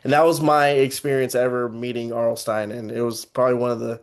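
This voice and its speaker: A man's voice: medium pitch, brisk, smooth. A young man from Texas telling a story in casual podcast chat, acting out the people he quotes. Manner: animated, acts out quoted voices. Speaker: podcast host.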